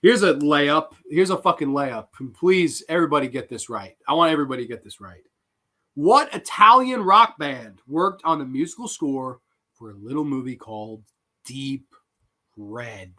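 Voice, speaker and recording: A man with a somewhat high, very lively voice hosting a live trivia stream. His tone is bright and forceful, and he swears freely as he reacts to answers from chat. Each question spills into excited banter. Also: moderate pace. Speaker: host.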